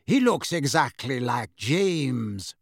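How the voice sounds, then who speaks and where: A man voices a calm wizard with a deep, unhurried voice. He speaks slowly and evenly, never rushed. It is a dry, close storybook reading. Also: no room sound. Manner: slow, deep and measured. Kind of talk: audiobook reading.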